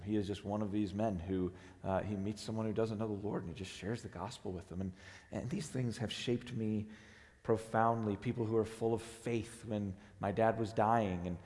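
A hoarse man in his forties, the lead pastor, preaching a sermon in a halting, earnest way with many restarts. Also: lowish voice, darkish tone. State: hoarse, strained voice. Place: church sanctuary. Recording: long hall reverb.

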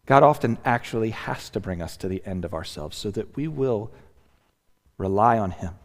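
A man preaching a sermon as a pastor, earnest and conversational, often restarting and dropping to a hush. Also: lowish voice, animated, normal speed. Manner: earnest, conversational, with many restarts and sudden soft drops. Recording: long hall reverb.

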